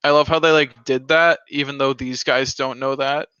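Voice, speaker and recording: A man chats through a movie with a friend, opinionated and full of ums and likes. His voice is bright and forward, and it sits close and dry in a small room. The home mic makes it sound dull and lo-fi. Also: mid-range voice, fairly even intonation, moderate pace, clean tone, no room sound. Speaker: host. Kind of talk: casual movie-watch commentary.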